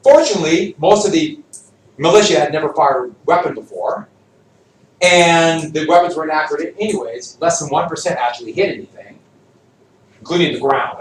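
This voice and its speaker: A man teaching a history lesson to a class, lively and jokey, quizzing his students as he goes. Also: a little high, brisk, slight background noise. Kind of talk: classroom lecture with student questions. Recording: echoey classroom, voice from far off.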